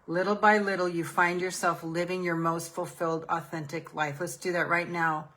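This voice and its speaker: A middle-aged woman hosting a live spiritual session, guiding listeners through slow, prayerful affirmations. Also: fairly low pitch, steady tone. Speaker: host and self-love coach. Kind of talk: guided spiritual meditation on a live stream.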